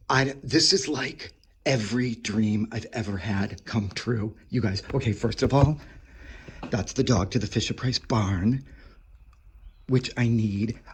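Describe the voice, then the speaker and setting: A man of about forty rambling and swearing excitedly as he explores a dark abandoned daycare, sometimes dropping to a whisper. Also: mid-range voice, slight background noise. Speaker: urban explorer and toy collector.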